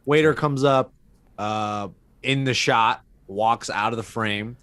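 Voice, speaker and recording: A man's voice: mid-range voice, slow pace, a bit bright, clean tone, dry recording. A man co-hosting a casual fight-sports chat, walking listeners through a video clip step by step. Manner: step-by-step recounting, casual swearing. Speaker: podcast co-host.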